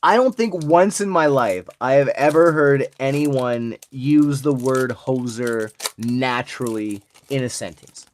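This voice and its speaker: Speaking unhurriedly with a mid-range voice and hardly any pauses, this Albertan man in his forties has a Canadian accent from his home province. He hosts his channel, opening card packs and chatting jokily, talking straight to viewers.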